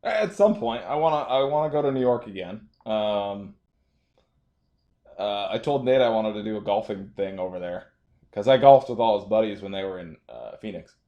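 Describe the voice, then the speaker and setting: A man's voice: lowish voice, animated, moderate pace, warm tone, lo-fi sound. A young man chatting casually about trading, easygoing, laughing often and trailing off into loose phrases. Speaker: trader. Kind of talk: casual chat.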